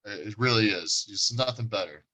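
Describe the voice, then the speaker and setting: A man's voice: fairly low pitch, moderate pace, bright, forceful tone. A man co-hosting a casual podcast about wrestling, rambling and hesitant, with many restarts. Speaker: podcast co-host. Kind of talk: casual chat.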